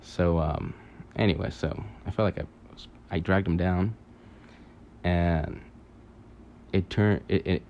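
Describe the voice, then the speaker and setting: Man, very low gravelly voice, dark tone, rambling storytelling, dull lo-fi recording with faint noise. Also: fairly even intonation. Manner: halting, many fillers and restarts, swears casually. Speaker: podcaster recounting a dream.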